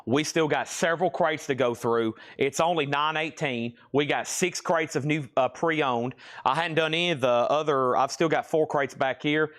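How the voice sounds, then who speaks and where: A man hosting a live-stream vinyl sale, calling bids in quick auctioneer patter and cracking jokes between items. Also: a little high, a bit bright. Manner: rapid auctioneer chanting, joking asides. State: sweaty and restless, pacing.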